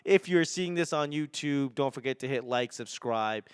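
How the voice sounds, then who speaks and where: A man in his forties from the Boston area with a softened Boston accent, rambling and self-mocking on his own podcast. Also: medium pitch, animated, moderate pace, clear, resonant tone, no room sound, studio quality. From Boston area, New England. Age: 40s. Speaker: podcast host and stand-up comedian. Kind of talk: solo casual podcast rambling.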